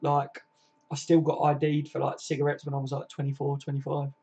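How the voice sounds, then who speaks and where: This is a man in his late twenties from Kent with a voice pitched a little high, chatting on a live stream. He is laid-back and matey, and he answers his viewers by name with plenty of casual swearing. The recording is dull and lo-fi. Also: monotone, fairly quick, warm tone, breathy edge. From Kent, England. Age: 20s. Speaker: football fan live streamer.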